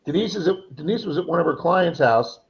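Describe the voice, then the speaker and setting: A man's voice: a little high, animated, fairly quick, creaky. A man co-hosting a casual chat, rambling through stories with restarts and repeats. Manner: rambling talker who restarts and repeats himself. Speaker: co-host. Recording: slightly dull lo-fi sound.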